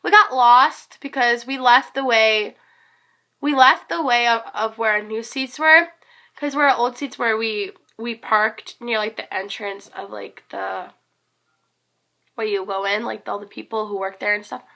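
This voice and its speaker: A teenage girl with a hoarse voice, rambling and gushing in a casual vlog recap, full of fillers. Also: fairly high pitch, fairly even intonation, a little slow, bright, forceful tone. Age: teens. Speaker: concert fan vlogger.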